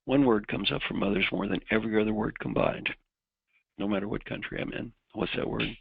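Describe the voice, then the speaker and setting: Keynote speaker, motivational, raspy and husky, direct with the audience. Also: male voice, on the low side, brisk, dry recording, narrow, tinny audio. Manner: direct, coaching the audience through exercises. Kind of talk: motivational talk.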